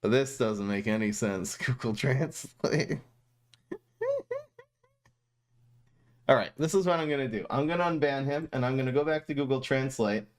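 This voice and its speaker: A young man streaming and casually reviewing viewer messages, talking in a chatty, animated way with frequent laughs and restarts. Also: medium pitch, smooth.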